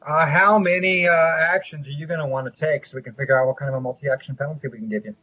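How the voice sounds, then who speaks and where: A game master talking his players through a battle, steady and deliberate. His voice sits a little high and sounds husky. The recording is dull and lo-fi. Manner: measured, with frequent "uh" pauses. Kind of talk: narrating a tabletop game. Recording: dull lo-fi audio.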